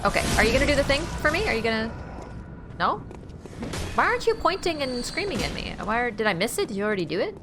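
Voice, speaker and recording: A woman streaming a video game, chatting casually, excitable and laughing, swearing freely. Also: on the high side, fast talker, over music. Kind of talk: casual gameplay commentary.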